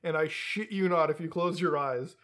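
A man's voice: fairly high pitch, normal speed, background noise. A man co-hosting a casual podcast chat, swearing often and laughing as he talks. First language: Hindi. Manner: animated, swears a lot, laughs while talking. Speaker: podcast co-host.

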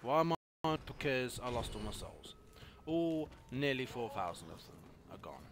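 A young man commentating his gameplay, swinging from mutters to furious shouted swearing with a lively, jumpy pitch. There's steady noise under his voice in the recording. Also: normal speed. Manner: swearing, frequent angry yelling outbursts. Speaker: gaming youtuber. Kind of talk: let's play commentary.

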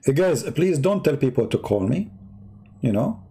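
Gravelly sarcastic man. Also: medium pitch, very animated, warm tone. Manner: sarcastic, drawn-out mocking delivery. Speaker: live stream debate host. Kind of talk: mocking live-stream commentary.

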